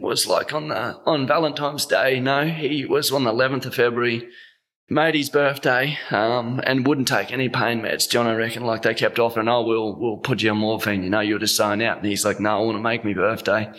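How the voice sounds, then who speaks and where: A man's voice: medium pitch, a bit bright. A young Australian man from the Northern Territory, telling a heartfelt story in a casual interview, choked up, rambling with many fillers. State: choked up, voice catching. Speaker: guest.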